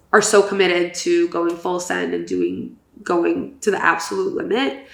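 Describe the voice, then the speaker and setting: A young woman chatting through a race recap on a podcast, loose and animated, tossing in fillers as she goes. Her voice carries a gravelly fry. The room sounds echoey around her. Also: medium pitch. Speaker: podcast co-host. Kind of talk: casual race recap chat.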